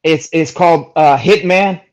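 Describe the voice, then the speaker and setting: A man in casual chat about movies, excitable and profane, stumbling and restarting his sentences. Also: fairly high pitch, unhurried. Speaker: guest.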